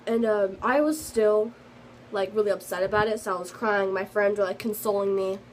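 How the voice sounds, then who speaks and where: In a casual storytime vlog, a teenage girl recounts her day with a sensitive, earnest tone, rambling with plenty of fillers, restarts and asides. She speaks at normal speed and ordinary middle pitch in a steady tone. The audio is poor, with a faint hiss of background noise.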